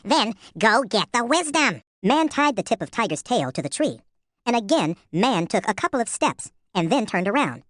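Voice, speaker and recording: A woman narrating a children's story in a clear, expressive storytelling manner. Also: medium pitch, moderate pace, dry recording, studio quality. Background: music.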